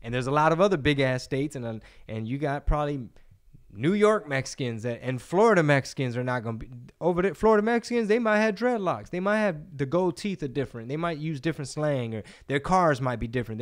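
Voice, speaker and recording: A man hosting a casual podcast, talking in an animated, profane, slang-heavy way. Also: on the high side, fairly quick. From Texas. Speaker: podcast host.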